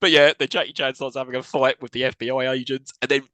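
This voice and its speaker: A man's voice: medium pitch, quick pace, dry recording. A man co-hosting a podcast, casually recapping a film, acting out scenes and laughing often. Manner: animated storyteller, acts out scenes in voices, laughs often. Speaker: podcast co-host.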